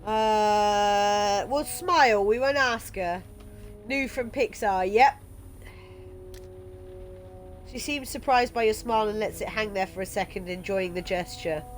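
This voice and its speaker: A woman's voice: medium pitch, a little slow, slight background noise. A woman streaming a game playthrough, reading its text aloud and chatting casually, swearing now and then.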